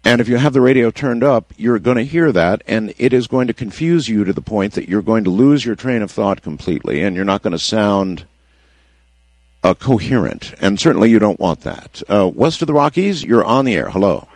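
A man hosting a late-night radio call-in show, measured and wordy with a wry touch. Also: lowish voice, darkish tone, dry recording. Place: radio studio.

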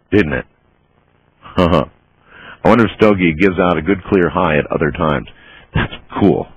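A man's voice: deep voice, husky, no echo. A man hosting a late-night call-in radio show, amused and easygoing, laughing often, heard through muffled broadcast audio. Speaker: radio talk show host.

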